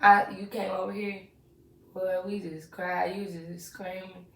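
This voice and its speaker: A woman's voice: medium pitch, flat delivery, a little slow, creaky, distant mic, crowd noise. Young woman, echoey room. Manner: supportive, chimes in and finishes her friend's sentences. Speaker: podcast co-host. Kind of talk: casual conversation. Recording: roomy echo.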